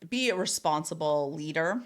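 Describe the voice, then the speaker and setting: A woman co-hosting a podcast, chatting casually in a lively way, laughing often and swearing casually. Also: deep voice, moderate pace. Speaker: podcast co-host. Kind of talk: casual chat.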